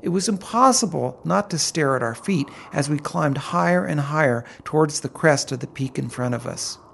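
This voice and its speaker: A middle-aged man reading a first-person story aloud, in an unhurried, vivid and descriptive manner. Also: a little high, creaky. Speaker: narrator. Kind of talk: first-person audiobook narration.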